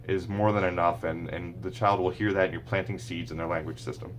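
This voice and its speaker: A man who works as a speech therapist, giving a relaxed, chatty talk to parents with many fillers and restarts. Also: low voice, fast, few pauses, slight background noise. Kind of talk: informal teaching talk to parents.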